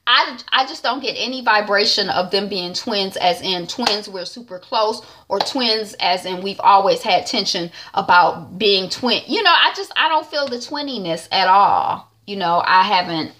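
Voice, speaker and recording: Woman, chatty recap, bright and forceful voice. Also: mid-range voice, expressive, moderate pace, hardly any pauses, a little hiss or hum. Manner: chatty, acts out characters' lines animatedly. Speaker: TV recap vlogger. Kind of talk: casual episode recap.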